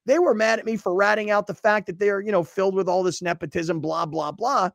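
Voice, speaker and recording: A male podcast host telling a story in casual chat, animated and acting out the voices of others. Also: high voice, brisk, vocal fry, no echo. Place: studio.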